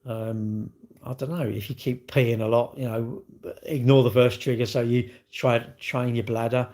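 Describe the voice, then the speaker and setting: A man's voice: medium pitch, level tone, normal speed, dark tone. A middle-aged man with a British accent, rambling bluntly in slangy casual chat while answering a livestream chat.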